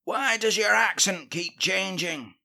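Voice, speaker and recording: Guy doing a creaky old grandad type, high and slow, whining for his wife. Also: sharp tone, exaggerated voice. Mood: whiny. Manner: whiny, keeps calling for his wife. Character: doddering old husband, forgetful and needy. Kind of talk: comedic podcast sketch.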